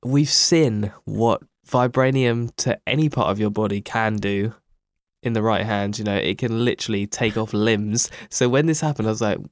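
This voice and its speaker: A man's voice: fairly low pitch, steady tone, moderate pace, no room sound, clean studio sound. A man hosting a casual chat who steers the talk and retells scenes.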